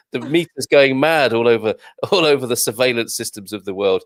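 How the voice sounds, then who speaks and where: A man's voice: mid-range voice, fairly quick, no echo. A man hosting a live morning show, chatting jovially and reading out viewer comments. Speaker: show host.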